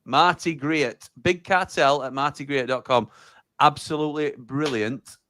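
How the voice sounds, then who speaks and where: A man's voice: medium pitch, moderate pace, sharp tone, a little hiss or hum. A man hosting a casual live football watchalong and reading out viewer comments in a chatty, easygoing way. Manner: chatty, laughs easily, reads out viewer comments. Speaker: host of a football watchalong stream.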